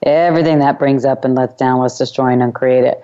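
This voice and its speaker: Woman hosting a self-help radio show, low mellow voice, emphatic, kinda muffled lo-fi sound. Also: fairly even intonation, a little fast. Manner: repeats chanted clearing phrases. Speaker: call-in radio show host. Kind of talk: self-help call-in talk.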